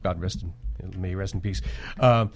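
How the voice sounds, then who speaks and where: A man's voice: deep voice, moderate pace. A man, a voice actor guest, telling rambling anecdotes on a podcast. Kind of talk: casual podcast storytelling.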